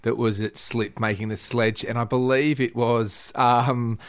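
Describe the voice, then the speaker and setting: A man's voice: medium pitch, flat delivery, measured pace. A man, a podcast co-host who laughs often and teases in casual banter.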